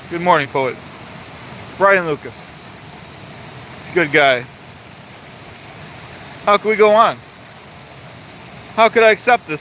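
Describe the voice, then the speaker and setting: This livestream host rants while reading chat beside a waterfall, his slightly high voice bright and forceful. Pompous and mock-authoritarian, he refers to himself in the third person and keeps repeating his points, over slight background noise on a rough recording.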